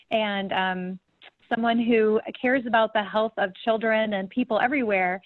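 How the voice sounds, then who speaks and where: A former teacher who leads a nonprofit talks in a halting way on a video call, full of fillers and restarts. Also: female voice, on the high side, no echo. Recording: thin phone-like audio.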